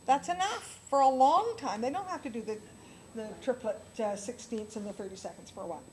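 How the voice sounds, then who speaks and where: A woman's voice: a little high, brisk, slight background noise, poor audio. A woman piano teacher leading a workshop for other teachers, enthusiastic and counting rhythms aloud.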